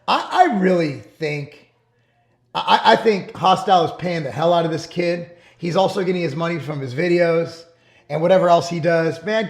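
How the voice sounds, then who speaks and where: A middle-aged man hosting his own channel, talking casually to camera in a brash, rambling, self-promoting way with frequent restarts. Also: sits high. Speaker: fitness company owner and channel host. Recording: echoey room.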